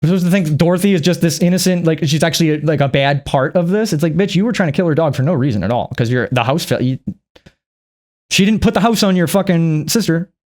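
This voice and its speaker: A man's voice: fairly high pitch, animated, fast, darkish tone. Profane, rambling man ranting about a film. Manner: rambling, profane, jumps into mock impressions. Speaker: youtuber reviewing a film. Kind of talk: casual comedic movie rant.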